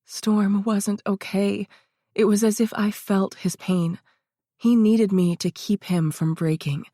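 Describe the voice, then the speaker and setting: A woman narrating a first-person audiobook in a steady, even reading voice. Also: medium pitch, slow pace, dry recording, clean studio sound.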